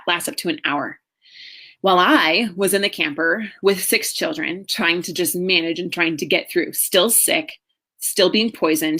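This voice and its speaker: A middle-aged woman, a marriage coach, telling her own story in an earnest, emotional way with slow pauses. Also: lowish voice, fairly bright tone. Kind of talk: personal story talk.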